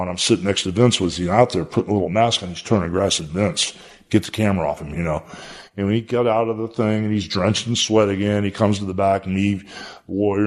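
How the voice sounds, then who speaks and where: Older male guest, low-pitched, folksy rambling storyteller. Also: a little mellow. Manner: rambling, folksy, with many fillers. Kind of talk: storytelling in a podcast interview.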